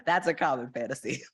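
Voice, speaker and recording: A woman's voice: deep voice, breathy edge. A young woman giving a sermon in a church, reflective in tone and dropping dry sarcastic asides. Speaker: lay sermon speaker. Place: church sanctuary.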